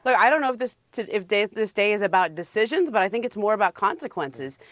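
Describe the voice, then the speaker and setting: A woman's voice: mid-range voice, animated, fast talker, a bit bright, dry recording. A woman on a sports debate panel, stating her view firmly and emphatically. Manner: firm, emphatic.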